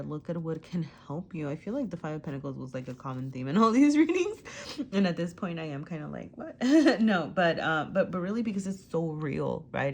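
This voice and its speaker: A woman's voice: low voice, vocal fry, a little mellow, slight background noise. A woman reading tarot cards at home in a casual, rambling way, full of fillers and "right?", often laughing and apologizing. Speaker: tarot reader. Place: at home with a cat.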